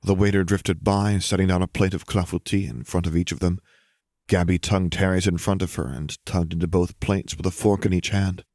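Man, deep voice, story narration, measured, dry close recording. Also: fairly even intonation, a little mellow, no echo.

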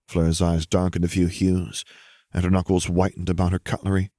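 Deep-voiced man narrating a story. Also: little pitch movement, moderate pace, darkish tone, no room sound, studio quality.

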